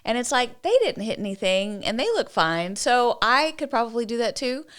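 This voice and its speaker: Animated, teasing woman podcast co-host from Texas. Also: on the high side, smooth. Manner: animated, quick reactions, teasing. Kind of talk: casual chat.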